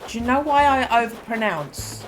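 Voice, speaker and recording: A woman in her fifties from Essex, with an Essex English accent softened by her mother's corrections. She chats casually as she plays a game, thinking aloud with ums and quick self-corrections. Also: on the high side, animated, soft background music, low-quality recording. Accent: Essex English, softened by parental correction. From England, Essex. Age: 50s. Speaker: game streamer. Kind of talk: casual gameplay commentary.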